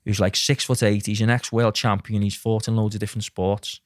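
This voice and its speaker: A middle-aged man, a podcast guest telling lively stories and acting out what others said. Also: lowish voice, fairly quick, no echo, clean studio sound. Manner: lively anecdotes, acts out quotes, says mate a lot. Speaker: podcast guest, mindset coach. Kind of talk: casual storytelling chat.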